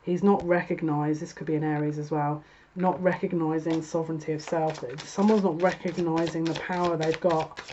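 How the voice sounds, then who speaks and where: A woman's voice: low voice, flat delivery, normal speed, warm tone, dull audio, slight background noise. Chatty woman reading tarot. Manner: chatty, exasperated, laughing asides. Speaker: tarot reader.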